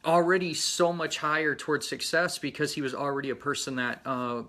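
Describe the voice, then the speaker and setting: A man hosting a casual personal vlog, talking earnestly in a rambling, halting way with many fillers. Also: on the high side, sharp tone. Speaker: motorcycle channel host.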